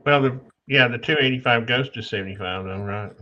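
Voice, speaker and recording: A male host with a bright, sharp voice chats in an easygoing, helpful way. His sound comes through a muffled, dull call line, as if heard over a remote connection. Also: medium pitch, brisk. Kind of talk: casual chat.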